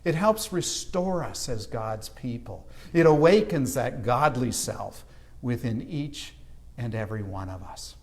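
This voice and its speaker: Speaking unhurriedly in a medium pitch, this Canadian pastor shares a childhood story during a sermon in a church sanctuary, bringing it to life with acted-out quotes from its characters.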